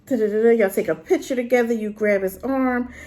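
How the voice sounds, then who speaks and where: A woman with a brisk, darkish, fairly high voice reviews a drama on camera. Her rant is unscripted, unedited and rambling, full of exclamations aimed straight at her viewers.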